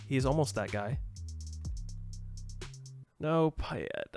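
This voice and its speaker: A young man giving jokey, excitable commentary on his own football video game match, shouting at his players. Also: a little high, slow pace, pauses often, soft background music. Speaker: gaming YouTuber. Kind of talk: casual gameplay commentary.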